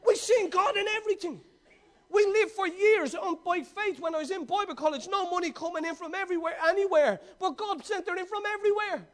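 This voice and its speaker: Male preacher with a high voice, delivers a sermon that shifts from excited storytelling to a hushed, pressing call. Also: fairly quick. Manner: swings from excited, laughing storytelling to hushed, urgent exhortation.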